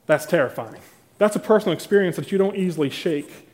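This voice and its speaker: A man's voice: sits high, expressive, fast, darkish tone. A male pastor preaching a morning sermon, reading scripture and then driving his point home with emphatic, building intensity.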